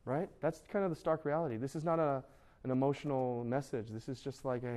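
A man's voice: mid-range voice, brisk. A man in his thirties, a youth pastor, preaching a casual sermon to teenagers and acting out their quoted voices. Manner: conversational, animated, acts out quoted voices.

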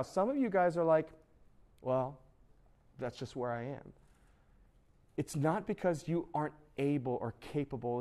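A man in his thirties, a youth pastor, preaching a casual sermon to teenagers and acting out their quoted voices. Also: medium pitch. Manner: conversational, animated, acts out quoted voices.

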